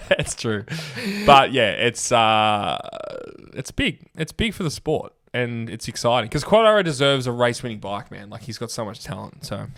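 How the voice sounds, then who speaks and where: A man's voice: mid-range voice, sing-song, moderate pace, vocal fry, fairly bright tone. A man co-hosting a casual motorsport podcast, talking in blunt, joking banter. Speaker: podcast co-host.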